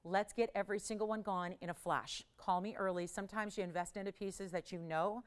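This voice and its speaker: A woman's voice: medium pitch, steady tone, brisk, smooth. Enthusiastic woman jewelry shopping host. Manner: enthusiastic, emphatic selling with repeated phrases. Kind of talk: live TV shopping pitch.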